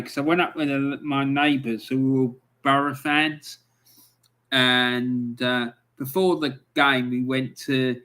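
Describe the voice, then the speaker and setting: A man's voice: mid-range voice, bright, forceful tone. A Cockney man in his fifties hosting a live match-day stream, chatting in rambling anecdotes with lots of fillers. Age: 50s. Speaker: livestream host.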